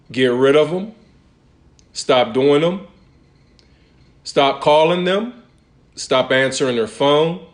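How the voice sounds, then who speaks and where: A man who is an insurance agent guest, speaking earnestly in a casual interview and repeating phrases for emphasis. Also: mid-range voice.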